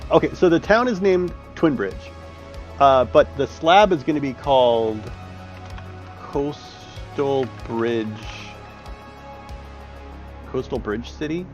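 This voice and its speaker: A man talks through his work in a loose, unhurried way, trailing off into fillers and dropping curse words. His voice comes through slightly muffled. Soft music runs underneath. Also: medium pitch. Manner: loose, profane, thinking aloud with fillers. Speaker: map-building streamer. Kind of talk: casual chat while working. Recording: muffled audio with faint music.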